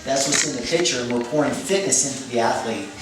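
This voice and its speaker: A fitness coach with a mid-range voice talks at a quick pace, methodically explaining a training method while repeating key phrases and correcting himself. The room is echoey, the mic sits at a distance, and music plays behind him.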